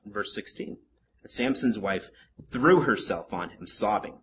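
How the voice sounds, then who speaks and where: A man delivering a sermon in a bright, forceful voice, his pitch leaping up and down as he jokes and turns to the congregation. His delivery is animated, with a conversational teaching style. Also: measured pace. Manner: animated and joking, with asides to the congregation. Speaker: pastor teaching a Bible study.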